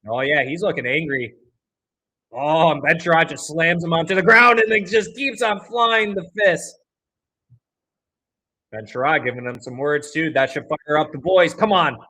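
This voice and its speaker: This young man's voice sits a little high as he hosts a fan livestream and calls the action play by play. Biased toward his team, he jumps from level calls to loud outbursts at the refs.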